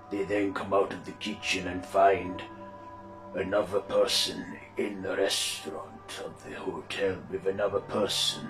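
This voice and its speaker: A man narrating an amateur mystery story in a plain, unhurried way. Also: low voice, fairly even intonation, fairly bright tone, roomy sound, soft background music.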